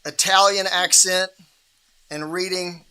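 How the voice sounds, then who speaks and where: Guy hosting a bible reading stream, bright voice, a bit high, rambly and friendly, lots of ums. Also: fairly even intonation, slow, a little hiss or hum. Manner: rambling, friendly, many restarts and fillers. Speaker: host of a livestream Bible reading. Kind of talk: casual livestream hosting and Bible overview.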